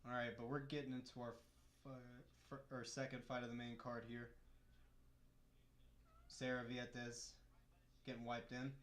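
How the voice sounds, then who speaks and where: A man's voice: medium pitch, monotone, a little slow, long pauses, a bit bright, reverberant, a little hiss or hum. A man hosting a casual live stream, chatting and joking as he talks through the fights and answers his chat from a room at home. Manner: chatty, jokey, reads chat aloud.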